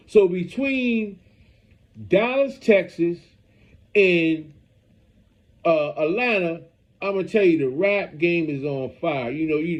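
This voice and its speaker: A man's voice: fairly high pitch, highs cut off. A man hosting a street news channel, talking casually and rambling, often asking "you know what I mean".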